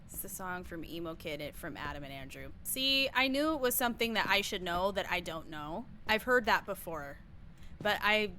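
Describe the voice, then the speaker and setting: A woman's voice: lowish voice, expressive, moderate pace, pushed and bright, slight background noise. A young woman streaming a game, chatting casually with her viewers and shrieking and laughing at mishaps. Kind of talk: casual live-stream chat while gaming.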